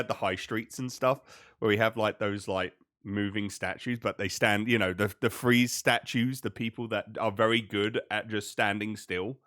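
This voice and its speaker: A man's voice: medium pitch, a bit bright. A man co-hosting a podcast over a video call, joking and teasing with frequent laughter. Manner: jokey teasing, laughs often, mock outrage. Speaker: podcast co-host. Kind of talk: casual chat.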